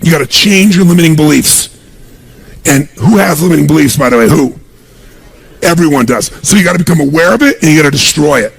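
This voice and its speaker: A man's voice: on the high side, expressive, quick pace, vocal fry, husky. A man giving a live motivational seminar speech, speaking emphatically and quizzing the crowd with call-and-response questions.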